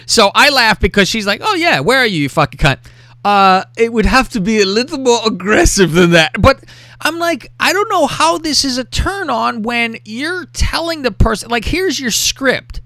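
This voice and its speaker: A man's voice: very high voice, lively intonation, moderate pace, bright, forceful tone, dry recording, clean studio sound. A man hosting a podcast, talking crudely and animatedly, often mimicking other people's voices. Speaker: podcast host. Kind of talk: crude casual chat.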